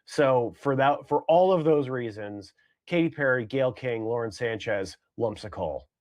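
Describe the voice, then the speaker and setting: Guy cohosting a podcast, rambly, lots of likes and you knows, mid pitch. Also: moderate pace, darkish tone. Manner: rambling, many fillers and restarts. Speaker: podcast co-host. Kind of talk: casual podcast banter.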